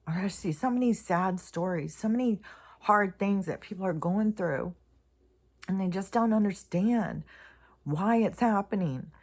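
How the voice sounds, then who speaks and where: A woman talking through her spiritual thoughts in a casual, rambling way, full of pauses and restarts, sometimes dropping to a soft whisper. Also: medium pitch. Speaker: spiritual vlogger.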